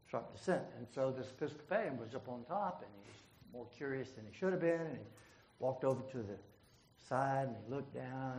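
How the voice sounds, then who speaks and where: A man moderating a leadership forum, telling a joke in a folksy way and introducing the next speaker, clearing his throat often. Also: medium pitch, darkish tone. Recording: echoey room with faint noise.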